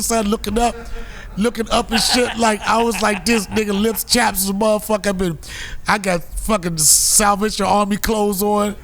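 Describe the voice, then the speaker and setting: ऊँची आवाज़ वाला एक आदमी, जो कॉमेडी पॉडकास्ट पर जोशीले और गालियों भरे अंदाज़ में किस्से सुनाता है।. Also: male voice, high voice, normal speed, soft background music. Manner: animated and profane, acting out other people's voices. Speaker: podcast host. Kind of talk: comedic storytelling.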